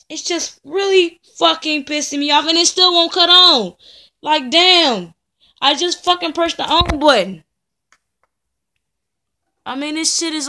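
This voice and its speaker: Young woman, high-pitched, furious, profane repetitive ranting, home studio vlog. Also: pushed and bright. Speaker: vlogger. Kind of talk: angry venting vlog. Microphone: camera in front of her.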